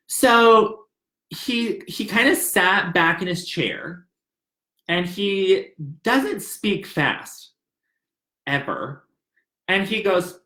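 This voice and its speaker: A man telling a personal story in a chatty, animated way, acting out the conversations. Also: high-pitched, takes it slowly. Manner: chatty and animated, acts out dialogue. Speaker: narrator. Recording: roomy echo.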